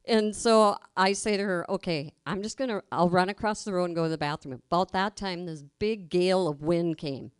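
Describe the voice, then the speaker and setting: A woman's voice: lowish voice, moderate pace, hardly any pauses, smooth, no room sound, clean studio sound. A middle-aged woman telling a personal story live on stage, colloquial, laughing as she goes and acting out the voices she quotes. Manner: colloquial, laughs through her own story.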